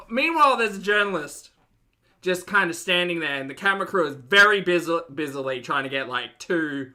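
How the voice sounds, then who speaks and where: A man's voice: a little high, lively intonation, moderate pace, pushed and bright. A man with an Australian accent hosting a casual reaction commentary, chatty and rambling with many fillers. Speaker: host.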